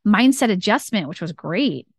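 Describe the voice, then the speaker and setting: A woman author chatting lively as a podcast guest, quickly acting out little quotes as she talks. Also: medium pitch, creaky, breathy edge, dry recording. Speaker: guest, indie author and ad strategist. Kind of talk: casual podcast interview chat.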